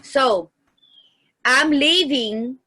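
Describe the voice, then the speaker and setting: A woman with a bright, clear voice co-hosts a relaxed podcast conversation. She tells personal stories with feeling and acts out the dialogue in them. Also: high-pitched, extremely slow. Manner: heartfelt storytelling, acts out dialogue. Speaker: podcast co-host. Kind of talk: casual chat.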